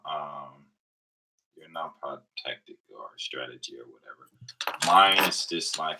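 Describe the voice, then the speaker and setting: Deep bright-voiced man, rambling storyteller. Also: a little slow, far from the mic, rough recording. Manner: loose rambling storytelling with quoted dialogue. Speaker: vlogger. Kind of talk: casual storytelling monologue. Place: living in Japan.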